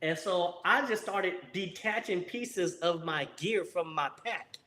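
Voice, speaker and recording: A man in his forties, a former Marine guest, telling a war story in casual, profane, animated fashion with frequent laughter. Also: high voice, a little slow.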